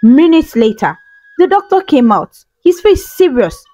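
A woman's voice: high-pitched, big pitch swings, a little slow, warm tone, no room sound, rough recording. A woman narrating a folktale as a storyteller, dramatic and emotive. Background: faint music.

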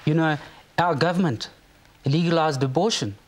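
A man's voice: on the high side, normal speed. A man from South Africa speaking as a talk show guest, emphatic and fervent, repeating words as he gets worked up. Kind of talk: impassioned studio talk.

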